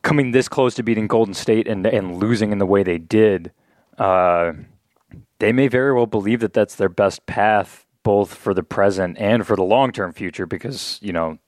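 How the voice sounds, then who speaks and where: A man's voice: on the low side, moderate pace, no echo, clean studio sound. Analytical man co-hosting sports chat. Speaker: podcast co-host.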